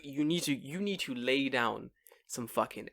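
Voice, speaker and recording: Young man, casual podcast chat, lively pitch, acts out quoted voices, salty language. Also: measured pace. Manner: animated storyteller, swears freely, acts out quoted voices. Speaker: podcast co-host.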